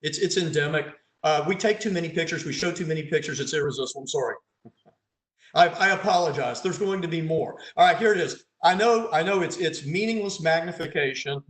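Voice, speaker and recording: A man's voice: on the high side, a little fast. A man, a pathologist, leads an online case conference over slides, quizzing his audience and adding dry, sarcastic asides. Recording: roomy echo.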